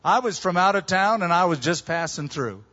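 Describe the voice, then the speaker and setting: A man preaching a sermon, his voice sitting a little high for a man. He tells stories with lively rises and drops in pitch and loudness. The recording sounds dull and lo-fi. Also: normal speed. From California. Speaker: pastor.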